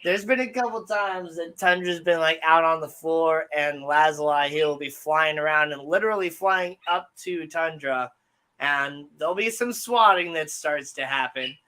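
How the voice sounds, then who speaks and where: Here a young co-host on a livestream chats casually, drifting through loose stories packed with filler words. He speaks at a moderate pace in a fairly high-pitched voice.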